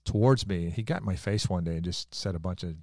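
A man's voice: low voice, fast talker, mellow, no echo, studio quality. A man on a faith talk show sharing a personal story in an earnest, folksy way.

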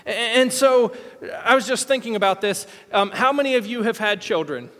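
A man with a high voice preaches to a congregation, sounding open and conversational and poking fun at himself now and then. His voice carries a long reverb from a large church hall. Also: lively intonation, normal speed, a bit bright. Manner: candid, conversational, self-deprecating humor. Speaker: pastor. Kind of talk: sermon.

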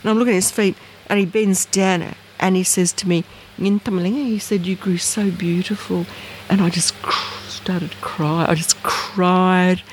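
An Australian woman, an interview guest, telling a personal story in a lively way and acting out the voices and sounds in it. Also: on the low side, normal speed, few pauses, a little hiss or hum. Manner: animated, acts out voices and sounds.

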